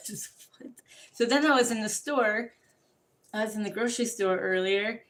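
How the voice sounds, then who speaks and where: A woman ranting casually to the camera, profane and rambling, telling animated stories. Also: on the high side, unhurried.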